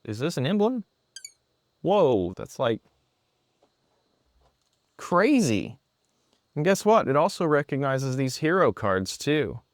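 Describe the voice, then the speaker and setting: A man presenting an app in a product demo, talking excitedly and a bit sarcastically in an indoor room. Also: fairly high pitch, takes it slowly, pauses often, no room sound, studio quality.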